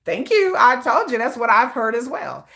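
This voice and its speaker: A woman's voice: fairly high pitch, moderate pace. A woman hosting a casual K-pop livestream, reading viewer comments in a sassy, slangy manner and laughing often. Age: adult, old enough to have a teenage child. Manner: sassy and animated, with slangy put-downs and frequent laughter.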